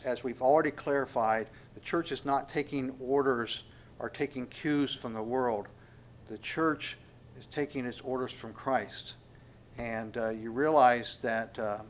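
A man preaching a sermon at a middle pitch. He speaks haltingly, with frequent "uh"s, and breaks into little acted-out exchanges to make his point. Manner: halting, many fillers, acts out dialogue. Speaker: pastor.

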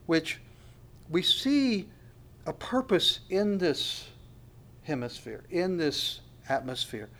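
A male preacher with a voice a little higher than most men's. He talks through his sermon in a relaxed, conversational way and keeps asking his listeners reflective questions.

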